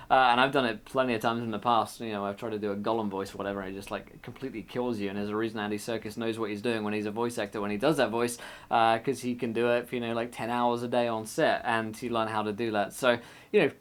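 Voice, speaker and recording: Enthusiastic man giving easygoing advice. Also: medium pitch. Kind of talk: casual tips discussion.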